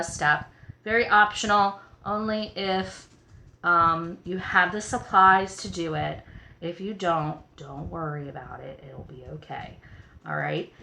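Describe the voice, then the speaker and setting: A woman art teacher walking through a craft project step by step, gentle and reassuring. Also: on the low side. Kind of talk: craft tutorial.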